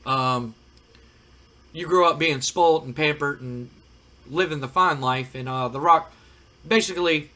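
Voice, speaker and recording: A man's voice: on the high side, a little slow, pauses often, pushed and bright. A man hosting a casual gaming commentary, chatty and rambling with frequent fillers. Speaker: host.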